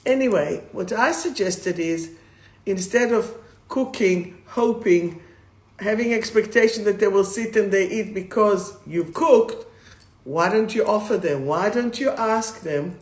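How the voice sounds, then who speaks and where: A woman's voice: medium pitch, unhurried. Chatty woman live-streaming in an echoey room. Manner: rambling, greets viewers by name mid-sentence. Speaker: spiritual coach hosting a live stream. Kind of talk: casual live-stream talk. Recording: roomy echo.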